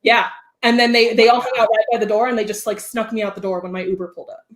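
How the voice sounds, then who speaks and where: A woman's voice: fairly high pitch, quick pace. A woman from Southern California, a livestream guest telling a story and acting out the voices of the people in it. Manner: animated, acts out quoted voices.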